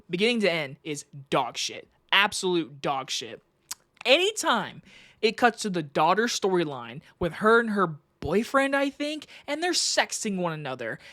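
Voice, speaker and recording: Animated, exasperated woman ranting a movie review. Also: medium pitch. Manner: exasperated, profane, emphatic. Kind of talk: casual rant review.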